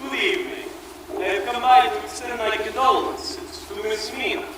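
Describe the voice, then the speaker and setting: A young man in a school stage play playing a sinister aristocratic vampire count with smooth, menacing formality. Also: sits high, fairly even intonation, normal speed, natural voice. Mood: courteous. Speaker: high school actor. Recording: echoey hall, distant mic, noisy.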